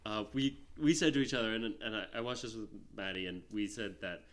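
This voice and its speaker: Rambling low-voiced podcast guy. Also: brisk. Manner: rambling, lots of fillers and restarts. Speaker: podcast co-host. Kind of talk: casual chat.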